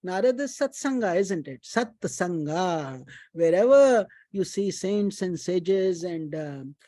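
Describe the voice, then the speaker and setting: A man, a spiritual teacher giving an unhurried devotional storytelling talk, chanting mantras and mixing in Hindi phrases. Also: sits high, lively intonation, dark tone, no echo.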